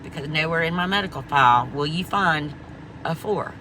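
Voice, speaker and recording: A woman's voice: deep voice, normal speed, sharp tone, slight background noise. A woman vlogging an angry, profane rant, emphatic and rambling, full of restarts. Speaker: veteran vlogger.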